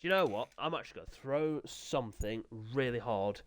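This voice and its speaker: A man commentating live sim motorbike racing on his own stream, excitable and chatty with joking asides. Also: mid-range voice, normal speed, dry recording. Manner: excitable, chatty, self-deprecating, swings to exasperated asides. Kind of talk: live esports race commentary.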